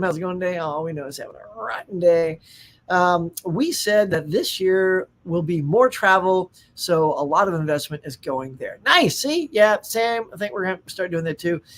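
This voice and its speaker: A man's voice: high voice, a bit bright. A middle-aged man from the United States hosting a casual live stream, chatting and reading out viewer comments with enthusiasm and frequent laughs. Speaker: host.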